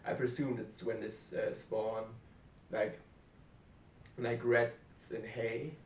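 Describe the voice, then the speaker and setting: A man's voice: medium pitch, little pitch movement, takes it slowly, darkish tone, a little hiss or hum. Rambling young man, roomy distant sound. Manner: rambling, hesitant, many restarts and fillers. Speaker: vlogger. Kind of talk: casual rambling vlog. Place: small room indoors by a window. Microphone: camera set up close in a cramped room.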